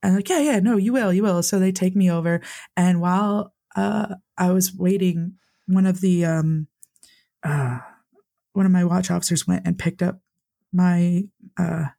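Male interview guest, gravelly, earnest and candid, heavy on "like" fillers. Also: high voice, little pitch movement, a little slow, dark tone. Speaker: interview guest, Navy veteran. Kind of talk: candid personal storytelling.

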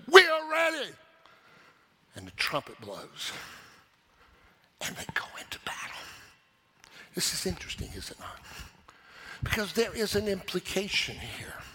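Male pastor, high, piercingly bright and forceful voice, emphatic sermon delivery. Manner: emphatic preaching, calls on the congregation for response.

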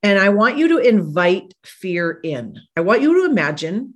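Animated woman giving a motivational talk. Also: medium pitch, moderate pace, few pauses. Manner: animated, acts out quoted voices. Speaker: podcast host, psychologist.

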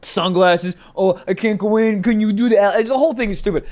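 A man, a comedian and podcast co-host, telling a story in casual chat, animated and cursing often. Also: sits high, normal speed, hardly any pauses. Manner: animated storyteller, swears a lot.

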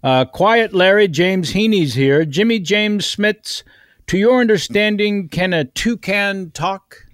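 A man hosting a casual comedy podcast introduces his guests with jokey nicknames and teases them. His voice sits high and he speaks slowly, on a dry recording.

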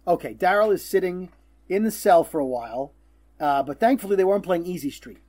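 A man's voice: high-pitched, animated, brisk. A man co-hosting a casual podcast, recapping a TV episode in a chatty way and acting out lines. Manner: chatty, acts out quotes with loud bursts. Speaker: podcast co-host.

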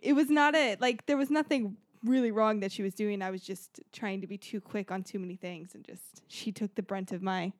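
A woman's voice: mid-range voice, steady tone, brisk, few pauses, no room sound. A woman co-hosting a podcast, telling a story casually with lots of fillers and laughs. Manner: chatty storytelling with frequent "like" and laughs. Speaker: podcast co-host.

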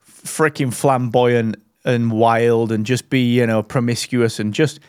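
A man co-hosting a podcast, chatting in jokey, animated banter. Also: medium pitch, a little slow, clear, resonant tone, dry recording, clean studio sound. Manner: jokey, animated, slips into mock impressions. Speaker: podcast co-host. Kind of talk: casual banter.

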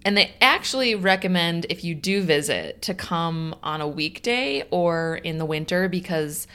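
Chatty low-voiced woman co-host. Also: moderate pace, fairly bright tone, clear, resonant tone. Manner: chatty, reacts with gasps and laughs, informal swearing. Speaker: podcast co-host. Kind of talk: casual podcast chat.

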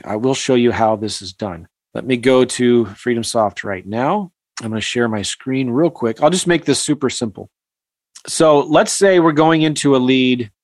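A middle-aged man coaching real estate investors in a live screen-share tutorial, direct and repetitive, saying "boom" as he clicks through software on a video call. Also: dry recording.

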